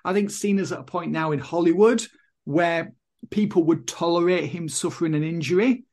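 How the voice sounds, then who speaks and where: A man co-hosts a casual wrestling podcast, giving opinionated takes that ramble through lots of "I mean". His voice sits somewhat higher than most men's. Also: moderate pace, darkish tone. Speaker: podcast co-host.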